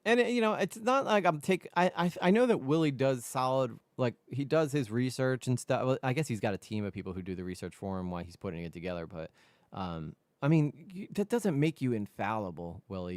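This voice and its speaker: A man hosting a casual commentary stream, rambling with restarts and sudden animated jumps in pitch. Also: no room sound. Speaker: host.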